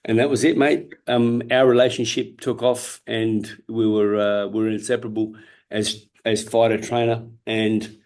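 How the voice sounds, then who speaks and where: Low-voiced Australian man, candid and earnest. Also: level tone, moderate pace, darkish tone. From Perth, Australia. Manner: candid and earnest, swears freely, frequent restarts. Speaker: guest, former world champion boxer. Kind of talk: casual interview storytelling.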